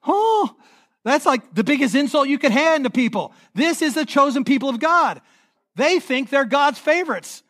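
High-voiced animated male preacher. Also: normal speed. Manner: leads the congregation in call-and-response. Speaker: pastor. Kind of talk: sermon. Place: church sanctuary.

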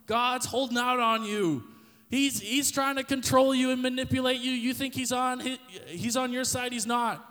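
A sly male serpent, put on by a man, coaxing and chatty in modern slang, with a high voice ringing in a long reverb. He sounds laid-back and persuasive, like a storyteller's casual impression. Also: fairly even intonation, normal speed, sharp tone.

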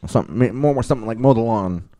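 A man's voice: mid-range voice, quick pace, mellow, dry recording. A young man in casual chat, rambling through a story with constant filler words, swearing and laughter. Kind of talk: casual chat recapping a cartoon.

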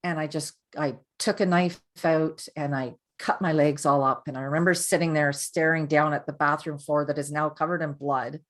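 A woman's voice: low voice, steady tone, normal speed, hardly any pauses. A middle-aged woman, a podcast guest, recounting her personal story candidly and earnestly, often restarting her sentences.

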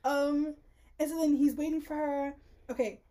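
A woman's voice: sits high, fairly even intonation, normal speed, warm tone. A woman co-hosting a casual book podcast, reading passages aloud and mocking them with sarcastic asides. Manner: sarcastic, mocking voices while retelling the book. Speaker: podcast co-host.

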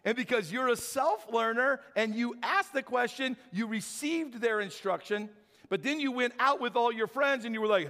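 A man's voice: extremely high pitch, moderate pace. A man preaching a sermon as pastor, telling stories with acted-out dialogue. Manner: animated storytelling, acts out dialogue. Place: church sanctuary. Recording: hall reverb from church sanctuary.

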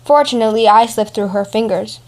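A woman's voice: on the high side, fairly quick, close to an everyday voice. A woman voicing a fretful little straw in a fairy-tale reading, with quaint old-fashioned speech. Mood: anxious.

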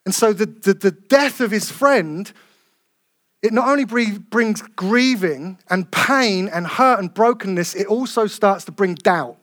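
A man preaching a sermon, earnest and emphatic, slowing down to stress key phrases. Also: sits high, fairly bright tone.

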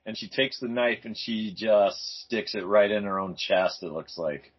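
Easygoing husky man talking comics. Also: fairly low pitch, measured pace. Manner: agreeable, gives short replies, laughs easily. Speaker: podcast guest. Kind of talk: casual comic book discussion. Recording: slightly muffled audio.

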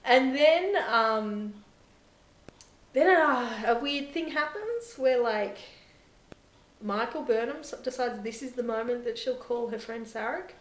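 A woman's voice: on the high side, expressive, takes it slowly. A woman hosting a casual chat, recapping an episode in a rambling way full of "like" and "sort of.". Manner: rambling, heavy use of "like" and "sort of". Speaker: podcast host. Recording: roomy echo.

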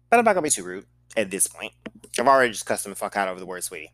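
A man's voice: medium pitch, very fast, fairly bright tone, no echo. A man with a slight Southern accent telling a casual storytime in a blunt, profane and sarcastic way. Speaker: podcast host telling a story.

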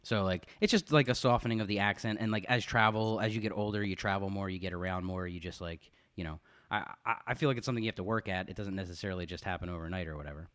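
A man's voice: deep voice, fast, few pauses, a bit bright, smooth, dry recording, studio quality. A man from Philadelphia talking casually as a podcast co-host, with lots of fillers. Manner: chatty, many fillers, reads some passages aloud. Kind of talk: casual chat.

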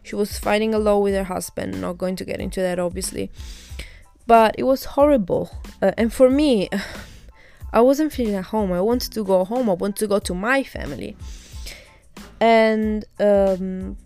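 Speaking in a creaky, medium-pitched voice with a darkish tone, a young podcast host recounts a bad experience. Her monologue is casual, candid, and indignant, sprinkled with some swearing.

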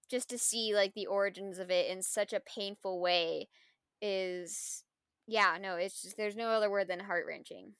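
A woman's voice: mid-range voice, a bit bright, clear, resonant tone, dry recording, studio quality. A woman co-hosting a casual film review podcast, talking thoughtfully and reflectively, full of "like" and "you know". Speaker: podcast co-host.

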